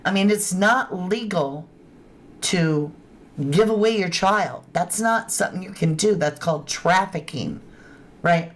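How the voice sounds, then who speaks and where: A woman's voice: on the low side, unhurried. A woman hosting a true crime livestream, chatting informally and talking straight to her viewers. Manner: informal grammar. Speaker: true crime channel host. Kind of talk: casual livestream commentary.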